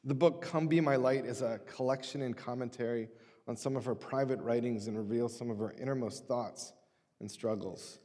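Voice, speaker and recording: A man preaching a sermon as pastor, with a measured delivery that reads scripture aloud deliberately. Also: mid-range voice, mellow. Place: church sanctuary. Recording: long church-hall reverb.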